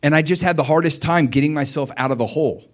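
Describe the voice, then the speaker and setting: A man preaching a sermon, telling a personal story with lively swings between quiet muttering and loud, high cries. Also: fast.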